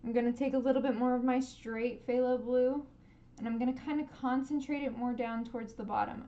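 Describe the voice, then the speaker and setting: A woman streaming a live painting lesson, gently encouraging viewers and making playful sound effects as she paints. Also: a little high, steady tone, a little fast, dull audio.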